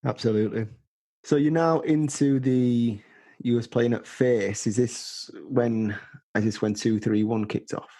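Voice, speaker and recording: A man hosting a podcast, asking questions in a relaxed and agreeable way. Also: mid-range voice, a little slow, no echo. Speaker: podcast host. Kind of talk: casual interview.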